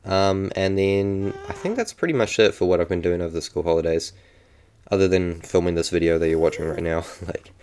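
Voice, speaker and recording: A man's voice: low-pitched, fairly quick, a little mellow, slight background noise. A young man with a New Zealand accent chatting casually in a vlog, rambling and often correcting himself. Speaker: YouTuber.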